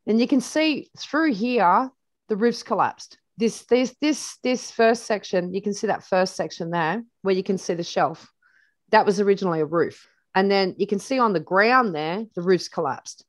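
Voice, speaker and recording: A woman's voice: medium pitch, normal speed, no room sound. An Australian woman from New South Wales, a guest in an interview, chatting loosely as she talks through photos and tells stories with lots of restarts. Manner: chatty and rambling, with many restarts; vivid anecdotes with reported speech. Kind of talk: casual storytelling over photos.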